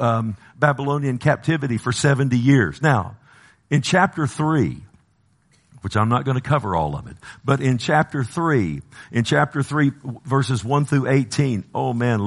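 A man's voice: medium pitch, creaky. A man preaching a sermon, often asking the congregation for an "amen" and playfully acting out dialogue with God. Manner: preaching with call-and-response asides, acting out God's voice. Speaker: pastor.

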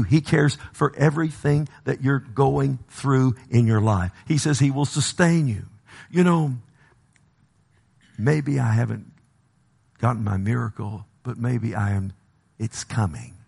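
A man's voice: mid-range voice, creaky, darkish tone, breathy edge. A man preaching a sermon, often asking the congregation for an "amen" and playfully acting out dialogue with God. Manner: preaching with call-and-response asides, acting out God's voice. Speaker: pastor.

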